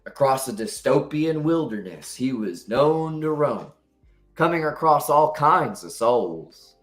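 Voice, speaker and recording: A man putting on an old cowboy voice to recite a dark poem, with a slow, dramatic drawl. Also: medium pitch, very animated, faint music behind. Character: old cowboy storyteller at a campfire.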